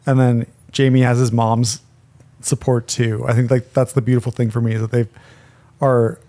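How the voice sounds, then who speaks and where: A young man co-hosting a casual film podcast, with a voice of ordinary pitch. He muses on a film in a relaxed, reflective way, often pausing on "like". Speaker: podcast co-host.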